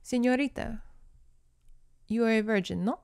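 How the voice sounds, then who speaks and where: A woman voicing a menacing, seductive male army major, low and breathy. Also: moderate pace, a little mellow.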